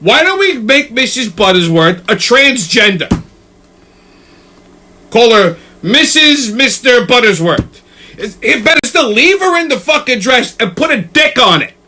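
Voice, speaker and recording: High-voiced ranting male host. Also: big pitch swings, unhurried, bright, forceful tone. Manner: profane, exasperated, keeps tagging "okay?". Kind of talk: ranting comedic commentary.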